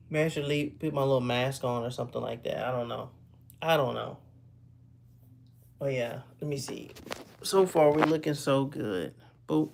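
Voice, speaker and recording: A man's voice: medium pitch, fairly even intonation, normal speed, creaky. A man in his thirties talks loosely to his viewers from his home computer. He sounds sleepy and stifles yawns. He drifts between thoughts, taking back and fixing what he just said. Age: 30s. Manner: rambling, self-correcting, laid-back. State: sleepy, yawning. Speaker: streamer. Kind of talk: casual live-stream chat.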